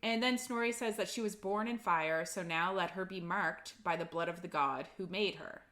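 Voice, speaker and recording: Woman podcast co-host, casual book recap, slightly low voice, filler-heavy and blunt. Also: moderate pace, fairly bright tone. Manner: chatty recap with lots of "like" and swearing. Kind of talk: casual book-club chat.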